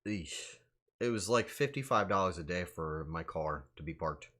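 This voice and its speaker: A man's voice: low-pitched, animated, moderate pace, bright, forceful tone. A young adult man chatting casually on a livestream, joking in mock outrage and swearing freely. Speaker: streamer.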